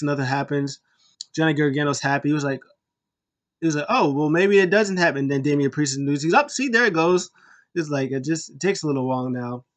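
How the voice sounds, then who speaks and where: In a mid-range voice, a man casually recaps a wrestling show, rambling with lots of fillers and restarts. He gets animated when he retells what was said.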